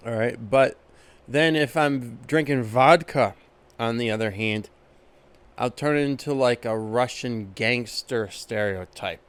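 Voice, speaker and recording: A man doing a casual, deadpan comedy monologue. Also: medium pitch, smooth.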